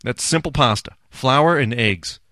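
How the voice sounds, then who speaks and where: A man's voice: mid-range voice, unhurried, sharp tone, dry recording, clean studio sound. A man hosting a podcast, ranting bluntly and sarcastically with plenty of swearing, then explaining a recipe. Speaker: podcast host. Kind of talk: casual ranting commentary.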